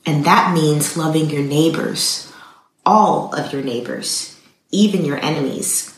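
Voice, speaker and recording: A woman voicing a gentle, patient Jesus who speaks calmly and kindly, in an echoey room. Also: sits low, unhurried. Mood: solemn. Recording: roomy echo.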